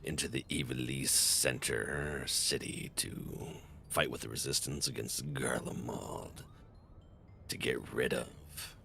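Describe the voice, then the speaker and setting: A velvety late-night jazz radio host, as a man puts him on, crooning each phrase slowly and deep. His gravelly low voice trails off softly at the ends. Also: fairly even intonation, slight background noise, exaggerated voice. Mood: smooth. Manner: slow, low and smooth.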